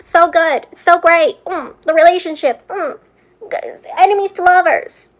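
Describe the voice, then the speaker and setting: A woman's voice: very high voice, measured pace. A woman talking in a short social video monologue, with a condescending and emphatic delivery. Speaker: online video creator.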